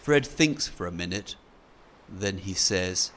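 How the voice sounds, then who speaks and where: A man reading a simple storybook for English learners in slow, clear, plain phrases. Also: low voice, animated, fairly bright tone, slight background noise.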